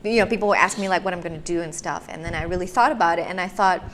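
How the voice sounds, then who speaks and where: A woman's voice: on the low side, racing, a bit bright. A woman guesting on a podcast, chatting casually in an easygoing, giggly way. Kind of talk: casual chat.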